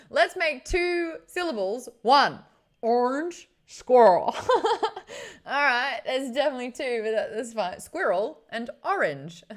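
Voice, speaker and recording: A woman's voice: high-pitched, fairly bright tone. A young adult woman, chatting casually with viewers on a live stream, greeting the chat and laughing often.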